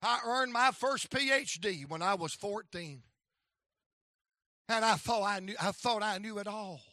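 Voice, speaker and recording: A man preaching a sermon in impassioned bursts, with rhythmic repetition and sudden shouts. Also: high-pitched, a little slow, no echo, clean studio sound.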